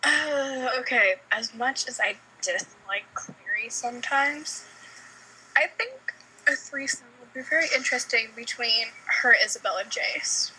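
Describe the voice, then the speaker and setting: A woman's voice: fairly high pitch, measured pace, bright, forceful tone, slight background noise, poor audio. A young woman on a fan podcast over a video call, talking bluntly and crudely. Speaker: podcast co-host. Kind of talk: casual chat. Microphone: computer mic on a video call.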